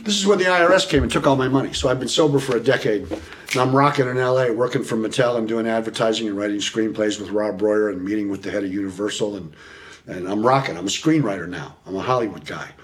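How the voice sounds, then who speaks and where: With a lowish voice and a fast delivery, a middle-aged American podcast guest spins prison tales in an interview setting, over slight background noise. He's profane and animated, acting out every quote and laughing often.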